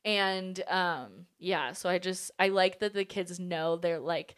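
A bubbly young woman teacher talks on a podcast. She chats casually and leans on "like" and "literally." Her delivery stays loose and lively. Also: fairly low pitch, slow pace, smooth. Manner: bubbly, laughs often, full of "like" and "literally". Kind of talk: casual chat.

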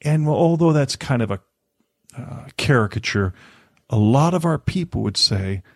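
A man speaking as a podcast guest, animated, often stammering and restarting words. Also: medium pitch, unhurried, no room sound, clean studio sound. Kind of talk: podcast conversation.

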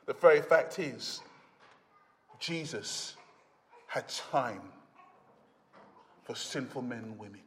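A man preaching a sermon in a dramatic way, acting out the Bible characters' voices and rising to loud emphasis. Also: on the high side, measured pace, long pauses. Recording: long hall reverb.

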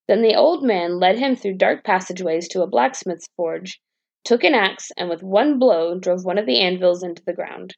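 Gravelly-voiced woman reading a bedtime story. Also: medium pitch, moderate pace, dull audio. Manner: calm, even storybook narration.

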